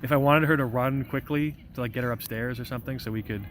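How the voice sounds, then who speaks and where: A man's voice: mid-range voice, steady tone, fast, a bit bright, slight background noise. A young man livestreaming outdoors in a park, reading out chat messages in a rambling, joking, goofy way. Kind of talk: casual live vlog chat.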